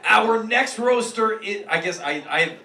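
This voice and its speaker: A man's voice: high-pitched, lively intonation, measured pace, background noise. A man hosting a comedy roast on a club stage, introducing acts with joking, self-deprecating remarks. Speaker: roast host. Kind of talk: stand-up hosting. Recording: echoey club from a distance, audible crowd.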